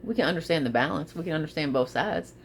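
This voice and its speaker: Woman, casual vlog talk, expressive and repetitive, fairly low voice, faint hum behind. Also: fast talker. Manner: expressive, repeats phrases, laughs often. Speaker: vlogger.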